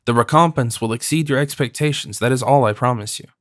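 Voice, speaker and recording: A man's voice: mid-range voice, quick pace, no echo, clean studio sound, lightly acted. A man voicing a spirited young wife in an audiobook, scornful and pleading by turns, his voice lifted for her. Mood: earnest. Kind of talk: audiobook character voice.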